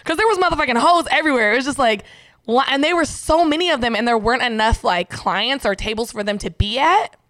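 A woman chatting with a friend, telling stories with lively impressions, frequent laughter and cursing. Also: fairly high pitch, fast, dry recording. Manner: animated storytelling with laughter and cursing. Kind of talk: casual chat.

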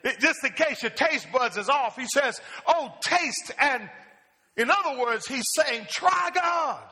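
High-voiced preacher man in an echoing hall. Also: normal speed, pushed and bright. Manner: asks the congregation questions and calls for answers. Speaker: pastor. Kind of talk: call-and-response sermon. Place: church sanctuary.

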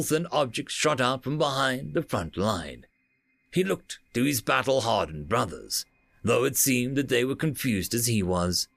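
A man narrating a fantasy story in an expressive, dramatic reading style. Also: mid-range voice, creaky, no room sound.

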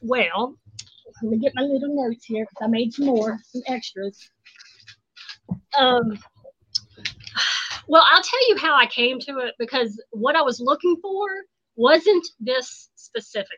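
High bright woman guest, blunt n swears a lot, kinda muffled lo-fi audio. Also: measured pace, pauses often, breathy edge. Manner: blunt, animated, profane. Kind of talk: casual storytelling chat. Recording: dull lo-fi sound.

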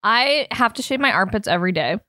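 A woman's voice: fairly high pitch, lively intonation, brisk, pushed and bright, dry recording. Dramatic young woman, dry close sound. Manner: dramatic, swears freely. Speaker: podcast co-host. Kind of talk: casual chat.

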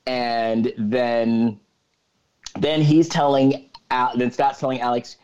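A man co-hosting a podcast, casually recapping a movie plot in a calm, matter-of-fact way. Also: medium pitch, slow pace, smooth, dull audio. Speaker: podcast co-host.

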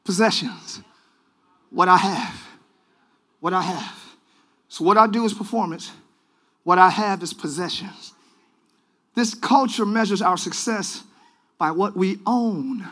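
A man preaching a sermon, shouting call-and-response to his congregation in a church. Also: high-pitched, slow pace, pauses often. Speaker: pastor. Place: large church. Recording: live church recording with music and congregation.

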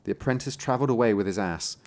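A man's voice: on the low side, racing. A man reading a fairy tale aloud in a casual, joking way, putting on voices for the characters and laughing often.

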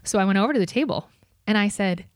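A woman's voice: medium pitch, fast talker, dry recording, clean studio sound. A woman hosting a podcast, telling a story in casual chat, swearing freely and acting out the people in it. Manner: animated, swears freely, acts out other voices. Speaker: podcast host.

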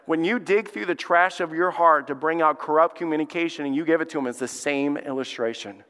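A man preaching a sermon as pastor, telling stories and acting out quotes with animated delivery. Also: a little high, brisk, smooth. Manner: animated storytelling, acts out quotes. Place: church sanctuary. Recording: reverberant church hall.

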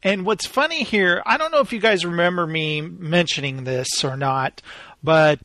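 A man's voice: high-pitched, normal speed, heavy background noise. A man hosting a podcast, chatting casually and enthusiastically about a TV episode. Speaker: podcast host.

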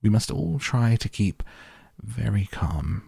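Male reader doing a storybook mum, fussy and kind, pitched way up, husky edge. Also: sing-song, slow pace, warm tone, no room sound, studio quality, heavily acted. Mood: excited. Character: middle-aged mother, fussy yet kind.

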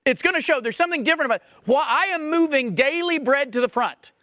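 Lively man preaching a sermon. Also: very high voice, fast talker, no room sound, studio quality. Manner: emphatic, questioning, repeats phrases for stress. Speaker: pastor.

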